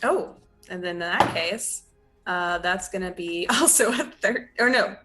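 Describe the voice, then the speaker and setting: A woman's voice: lowish voice, measured pace, over music. A woman playing in a tabletop game, chatting casually and laughing easily. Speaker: player.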